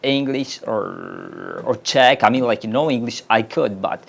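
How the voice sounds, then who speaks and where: A young man with a Russian accent, speaking in a gravelly, creaky voice at a middling pitch. He tells his story hesitantly, with plenty of "uh"s and restarts, in a relaxed interview. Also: unhurried. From Uzbekistan. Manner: hesitant, many fillers. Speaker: map designer. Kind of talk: casual interview.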